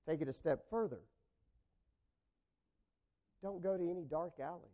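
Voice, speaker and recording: A man preaching a sermon, swinging from loud, raised points down to quiet, low asides and acting out the people in his examples. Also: a little slow, long pauses, lo-fi sound. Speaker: pastor.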